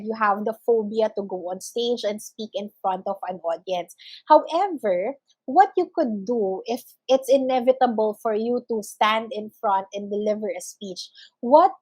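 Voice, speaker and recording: A young woman teacher talks through a recorded lesson in a measured, explanatory way, stacking ideas in parallel phrases. Her voice sits a little high. The sound is dry and close to the mic. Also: a little mellow, no room sound, low-quality recording. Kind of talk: recorded online lecture.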